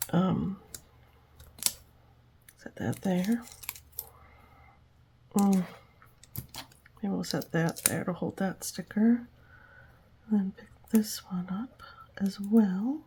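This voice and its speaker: A woman host of a journaling channel, whispering softly to herself as she crafts and talks about it. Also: medium pitch, slight background noise. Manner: whispers while working with her hands, talks to herself. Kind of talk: soft whispered crafting chatter.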